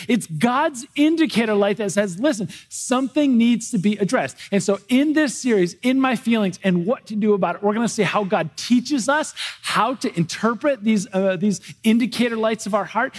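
A man preaching a sermon to his church in a conversational way, often restarting and repeating words as he goes. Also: high voice. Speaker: pastor. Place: church, livestreamed worship.

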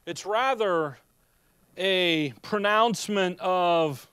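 A man's voice: high-pitched, very slow, a bit bright, smooth, no room sound. A man preaching a sermon in a conversational, folksy way, often restarting his sentences.

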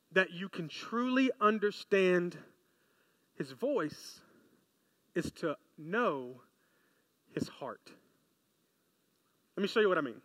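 A man preaching a sermon in an animated, conversational way, often asking his listeners questions. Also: high-pitched, no echo. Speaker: pastor. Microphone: close mic, podcast.

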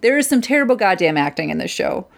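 A woman's voice: medium pitch, sing-song, quick pace, gravelly. A woman co-hosting a podcast in casual chat, blunt and ranting with lots of swearing. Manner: blunt and profane, rants with frequent swearing. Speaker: podcast co-host.

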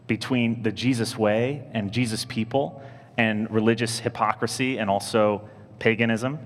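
A priest delivers a sermon in a lively, animated storytelling style, his fairly low voice leaping upward whenever he imitates other people. A long church reverb surrounds every word.

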